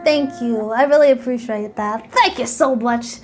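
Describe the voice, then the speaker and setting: A young woman VTuber chatting on a live stream, excitable, squealing and giggling as she thanks her viewers. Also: fairly high pitch, moderate pace, slight background noise.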